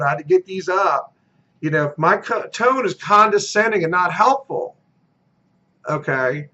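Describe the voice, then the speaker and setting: A man's voice: sits high, bright, forceful tone, muffled recording. A man giving a motivational sales coaching talk. He is emphatic, repeats his key phrases and acts out short role-play exchanges. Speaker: real estate team recruiter.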